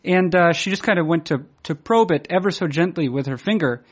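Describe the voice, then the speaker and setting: A man talks in a loose, rambling way, full of ums, false starts and little laughs at his own expense. His voice sits a touch higher than most men's. It is an unhurried podcast conversation. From Boston area, USA. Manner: rambling, hesitant, many fillers and restarts; self-deprecating, laughs while telling stories. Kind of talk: casual chat.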